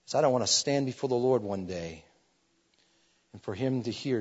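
A man's voice: medium pitch, normal speed, breathy edge. Fervent preacher man in a reverberant hall. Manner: swings from loud exhortation to hushed, earnest pleading. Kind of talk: sermon. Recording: dull, slightly lo-fi sound with long reverb.

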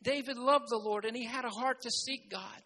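A preacher delivering a sermon, repeating key phrases and building to loud, emphatic passages. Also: mid-range voice, fairly quick, a little hiss or hum, rough recording.

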